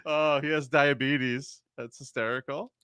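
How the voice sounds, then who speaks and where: A man's voice: mid-range voice, fairly even intonation, measured pace, sharp tone, clear, resonant tone, no echo. A male co-host bantering in casual commentary, cracking dry jokes.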